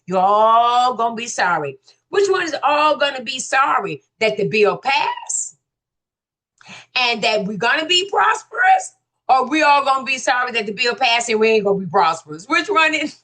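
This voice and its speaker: A woman hosts a casual commentary show. Her voice sits fairly high and swings up and down. She reads out viewer comments and answers them in a folksy, teasing way. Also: normal speed. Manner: animated, folksy, exclaims "ooh" and teases commenters. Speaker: host reading viewer comments.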